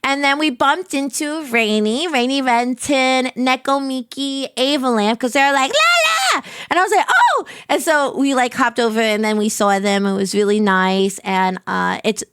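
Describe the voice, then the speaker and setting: High, excitable woman streamer. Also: normal speed, few pauses, smooth, no room sound, clean studio sound. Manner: excitable and rambling, heavy on filler words. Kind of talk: casual stream chat.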